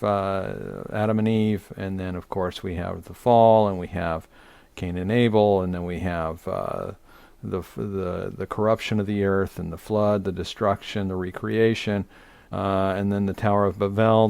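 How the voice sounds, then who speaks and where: A man's voice: on the low side, vocal fry, clear, resonant tone, no echo. A middle-aged man, a rabbi, teaching an online Torah study, speaking off the cuff with many fillers and restarts.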